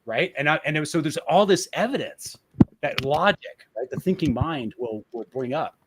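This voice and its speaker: A man's voice: a little high, animated, moderate pace, very noisy. A man as a podcast guest, speaking candidly and reflectively, often restarting and repeating words as he searches for the right phrasing. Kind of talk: candid interview conversation.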